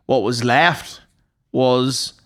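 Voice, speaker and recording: A young Northern Irish man tells long, rambling stories in casual podcast chat. He fills them with "like", and his voice sits at a middle pitch. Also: fairly even intonation, drawn-out words. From Omagh, Northern Ireland. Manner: rambling storyteller with lots of "like". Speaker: podcast co-host.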